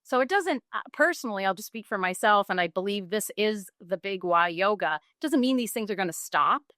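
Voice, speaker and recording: Middle-aged lady yoga teacher chatting, lively storytelling, mid pitch, dry close mic. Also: a little fast, no room sound. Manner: animated storytelling, acts out quoted clients. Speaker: yoga teacher and bodyworker guest. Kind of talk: casual conversational interview.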